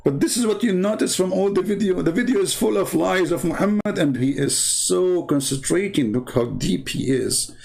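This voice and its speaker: A man's voice: sits high, normal speed, vocal fry, few pauses, a little mellow. A man from the Middle East with an Arabic accent, a native Arabic speaker, hosting a live stream in a mocking, sarcastic rant. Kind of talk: casual livestream monologue.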